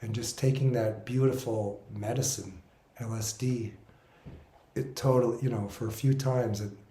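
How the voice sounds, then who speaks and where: An older man in his sixties speaks in a mellow, warm voice at a middling pitch. He tells a personal story in an earnest, reflective way, often circling back and correcting himself. The room around him rings with noticeable echo. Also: fairly even intonation, moderate pace. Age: 60s. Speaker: spiritual musician recounting his experiences.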